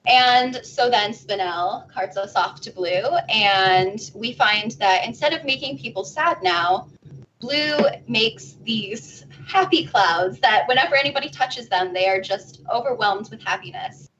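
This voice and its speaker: Lively higher-voiced woman recapping a plot. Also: measured pace. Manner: animated retelling, acting out characters' lines. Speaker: convention panelist. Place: home. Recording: distant muffled home recording, faint noise.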